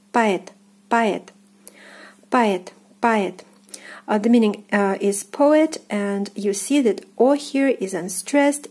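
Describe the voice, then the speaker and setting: Slow, husky Russian-accented woman teaching. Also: medium pitch, mellow. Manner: patient, repeats words slowly, hesitant fillers. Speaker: language teacher. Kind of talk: pronunciation lesson.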